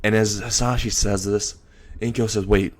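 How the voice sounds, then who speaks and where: A young man narrating an improvised story in a loose, halting way with frequent restarts. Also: on the low side.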